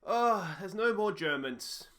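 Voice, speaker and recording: A man's voice: high voice, animated, slow, a bit bright. An Australian man hosting a baseball management let's play, musing aloud in a chatty, friendly way. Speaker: gaming channel host. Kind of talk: casual let's-play commentary.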